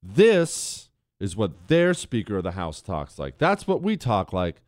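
A man hosting a political talk show, ranting in an exasperated, animated way. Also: lowish voice, measured pace, dry recording. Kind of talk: opinionated commentary.

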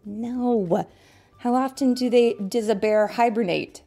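A woman reading a children's story aloud in a playful, animated way, asking her listeners questions. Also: a little high, takes it slowly, faint music behind.

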